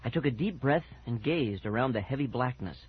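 A man's voice: mid-range voice, expressive, a little fast, a little hiss or hum. A man narrating a first-person scary children's story on audiobook, dramatic and building suspense, on a muffled cassette recording.

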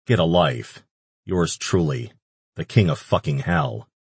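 A man's voice: low voice, animated, unhurried, vocal fry, breathy edge, dry recording, exaggerated voice. A man voicing a surly, foul-mouthed male demon king who curses and snaps irritably. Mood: scornful. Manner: crude, irritable and cursing.

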